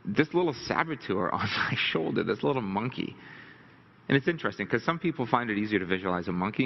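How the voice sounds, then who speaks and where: A low, gravelly man talks to a live audience as a motivational speaker, rambling and candid and quick to put himself down. His voice rings through a large hall on a dull, lo-fi recording. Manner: candid, rambling, self-deprecating. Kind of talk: storytelling talk to a live audience.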